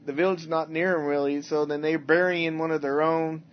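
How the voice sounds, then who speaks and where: This podcast co-host chats casually about movies, rambling and halting with many restarts and fillers. His voice is fairly high and fairly flat in pitch, with a little hiss or hum from the dull lo-fi recording.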